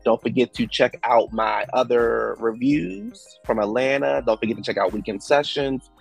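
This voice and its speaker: Male recap host, mid-pitched, husky, profane and blunt, leans on drawn-out words. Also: soft background music. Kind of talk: casual reality TV recap commentary.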